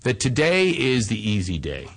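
A man's voice: fairly low pitch, normal speed. A middle-aged man hosting a radio show as a comedian, telling joking stories in casual chat. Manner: joking, animated storyteller.

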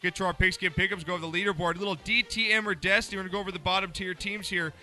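A young man hosting a casual sports talk show, joking and moving briskly through segments. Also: high voice, fairly even intonation, pushed and bright, faint music behind.

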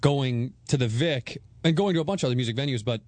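A man in his thirties from Chicago, a comedian guest on a talk show, telling a story fast and excitably and acting out the quotes. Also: medium pitch, no echo.

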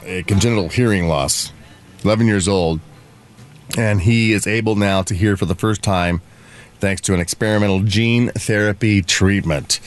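A man's voice: on the low side, normal speed. A man co-hosting a morning radio show, chatting casually and joking around. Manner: animated, jokey, slips into mock voices.

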